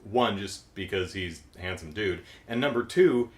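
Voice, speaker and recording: A man's voice: fairly low pitch, animated, moderate pace. A middle-aged man recapping a cartoon episode in casual comedic talk, dry and sarcastic, acting out the characters' lines.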